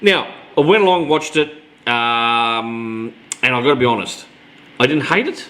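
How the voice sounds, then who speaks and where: A man with an Australian accent hosting a casual chat in front of an audience, blunt, animated and sweary. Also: medium pitch, unhurried. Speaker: podcast host.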